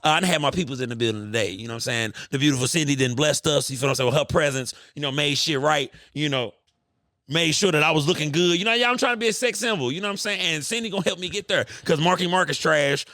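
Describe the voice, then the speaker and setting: A man in his thirties hosting a podcast, telling stories in an animated, profane, bantering way. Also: fairly high pitch, fast, dry recording, studio quality. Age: 30s. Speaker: podcast host. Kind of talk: casual podcast chat.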